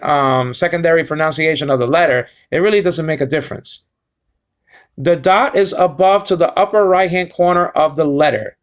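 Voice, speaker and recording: Guy teaching hebrew letters, kinda high voice, keeps asking "you understand?". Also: fairly bright tone. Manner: explanatory, repetitive, checks understanding often. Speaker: Bible teacher. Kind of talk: informal Hebrew lesson.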